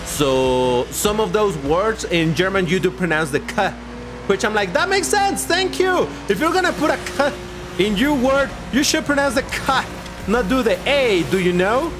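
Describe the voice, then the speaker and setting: A man's voice: high voice, lively intonation, normal speed. A man hosting a casual gaming live stream, chatting in a rambling way and answering his viewers' chat aloud as he plays. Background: faint background music.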